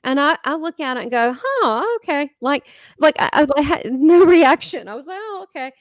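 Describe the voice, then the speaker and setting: Woman, host, casual storytelling, lively quoted voices, somewhat high voice, dry close sound. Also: moderate pace, no echo. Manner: animated storyteller, acts out quoted dialogue with big pitch jumps. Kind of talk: casual chat recounting experiences.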